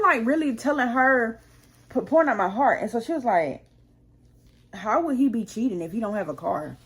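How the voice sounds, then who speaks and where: A woman's voice: fairly high pitch, husky. A woman hosting her own channel, telling a rambling storytime full of profanity and acting out her heated arguments. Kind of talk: casual storytime monologue.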